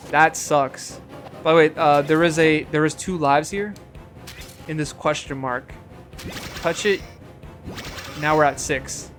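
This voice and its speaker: A man's voice: fairly high pitch, steady tone, takes it slowly, pauses often, fairly bright tone, soft background music. Rambling, cursing male game streamer. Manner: rambling, swears at the game, chuckles. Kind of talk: casual live-stream chat.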